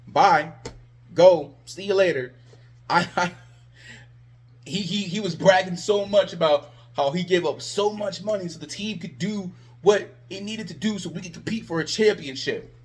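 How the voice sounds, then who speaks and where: A man's voice: high voice, normal speed. A man ranting about his team in a sarcastic, exasperated vlog. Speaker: sports vlogger. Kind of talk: ranting fan commentary.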